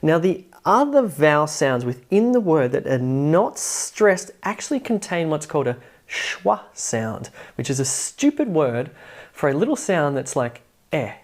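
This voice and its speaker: A man teaching English pronunciation in an online lesson, who drills words slowly and adds wry asides. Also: on the high side, sing-song. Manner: emphatic, drills words slowly and repeats them.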